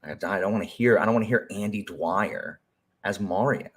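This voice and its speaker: A young man talking casually to a live stream chat, rambling and animated, with many fillers and restarts. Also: lowish voice, moderate pace. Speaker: teacher.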